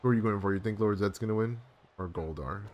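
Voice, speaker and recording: Excitable young man calling a game. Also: lowish voice, quick pace, highs cut off. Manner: excitable, bursts into sudden exclamations. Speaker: streamer. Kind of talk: live play-by-play game commentary.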